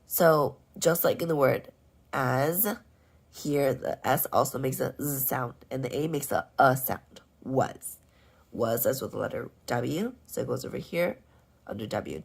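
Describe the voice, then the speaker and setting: A woman teaching first graders, going over their homework and spelling out sight words slowly and clearly. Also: extremely low pitch, lively intonation. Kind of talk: homework walkthrough lesson.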